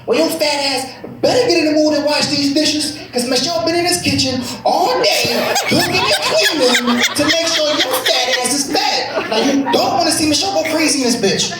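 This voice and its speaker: A man voicing a furious, loud wife who yells threats about chores. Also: very high voice, expressive, moderate pace, few pauses, heavy background noise, voice pushed up. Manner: shouting, brash and threatening. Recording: echoey live club, distant mic, crowd audible.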